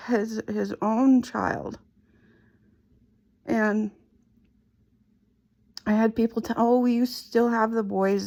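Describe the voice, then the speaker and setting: Slow-speaking woman telling a personal story. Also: mid-range voice, gravelly. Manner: slow, halting, emotional retelling. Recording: dull lo-fi recording.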